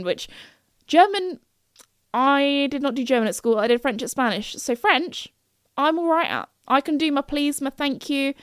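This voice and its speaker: High-pitched and animated at a moderate pace, this young UK podcast host chats alone in a rambling, casual way, giggling and correcting herself often. The studio sound is clean, with no echo.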